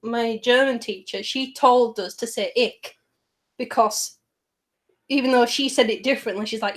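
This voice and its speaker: A woman's voice: on the high side, fairly even intonation, normal speed. A woman chatting casually on a stream, laughing often. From England. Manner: giggly, chatty.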